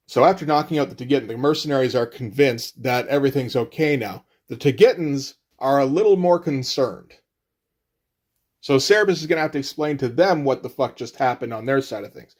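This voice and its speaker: A man giving casual commentary on comic book pages, at an ordinary pitch for a man. He is laid back and profane, and fills his talk with "uh" and "like.". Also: brisk, darkish tone. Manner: casual and profane, often says "uh" and "like".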